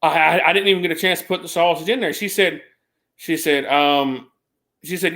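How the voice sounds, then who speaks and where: A man with a drawl tells a meandering story in a casual chat, his voice sitting somewhat high. He restarts his sentences often and jumps his pitch up to imitate other people. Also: fairly even intonation, brisk, sharp tone. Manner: rambling, restarts, mimics others with a raised voice.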